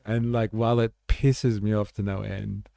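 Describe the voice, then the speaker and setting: Gravelly man, casual livestream host. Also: on the low side, level tone, moderate pace, mellow, dry recording, studio quality. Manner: blunt, swears freely, chatty with many "like" fillers. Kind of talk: casual livestream chat, reading viewer comments.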